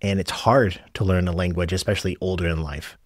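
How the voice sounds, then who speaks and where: A man's voice: sits low, steady tone, fairly quick, no echo, clean studio sound. A middle-aged American man hosting his own podcast, talking casually and rambling through his thoughts with restarts and asides. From United States. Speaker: podcast host and rideshare driver. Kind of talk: casual solo podcast talk.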